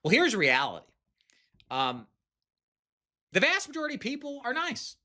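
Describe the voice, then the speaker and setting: Bright-voiced man teaching sales. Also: extremely high pitch, wildly swooping pitch, moderate pace. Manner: direct, conversational, frequent "okay?" check-ins. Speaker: sales trainer. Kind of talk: instructional talk.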